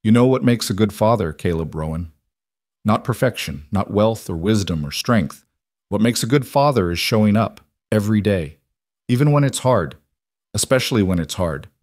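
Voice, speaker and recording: A man voicing a wise elderly male tribal chief, calm and solemn, with slow, measured, grave speech. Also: lowish voice, dry recording, clean studio sound, close to an everyday voice. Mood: earnest.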